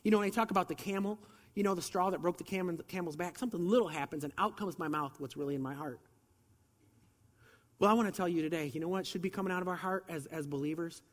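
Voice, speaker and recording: Fast-talking preacher with a cold. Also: male voice, sits high, in a large hall. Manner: conversational, fast, with rhetorical questions. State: has a cold. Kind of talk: sermon.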